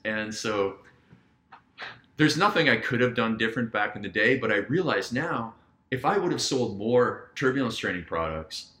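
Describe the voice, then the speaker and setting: A man's voice: on the low side, expressive, normal speed, bright, forceful tone. A man, a guest business coach, telling stories in casual podcast talk and acting out quoted dialogue with animation. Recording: roomy echo.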